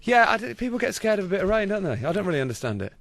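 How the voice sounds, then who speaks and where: A man's voice: high voice, very animated, very fast, fairly bright tone, slight background noise. A man hosting a radio interview in a studio, teasing his guest in a jokey way. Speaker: radio host.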